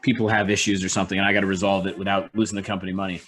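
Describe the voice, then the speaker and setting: A man in casual podcast conversation, telling stories quickly and confidently. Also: low voice, flat delivery, a bit bright, a little hiss or hum. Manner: quick, confident storytelling with acted-out quotes.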